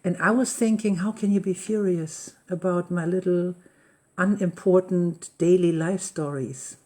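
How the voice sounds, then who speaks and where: Speaking at a measured pace with fairly even intonation, this host has a mid-range, slightly mellow voice. During a live coffee-and-talk session, the host casually tells rambling personal stories about everyday life on a rural estate in Mallorca, frequently hunting for English words.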